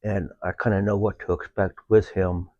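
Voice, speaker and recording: A man with a low voice speaks in a relaxed, halting way, often pausing to search for words. He talks as a veteran guest in a casual conversation. The sound is dry and close, with no room echo. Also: dull audio. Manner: halting, unhurried, with many filler pauses. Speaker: veteran guest with a service dog.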